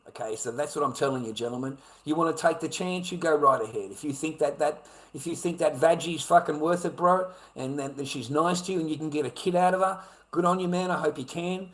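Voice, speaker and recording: An Australian man ranting off the cuff on a livestream, swearing a lot and repeating himself, moving from low muttering to shouting. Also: rough recording. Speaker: livestream ranter. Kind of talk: profane off-the-cuff rant.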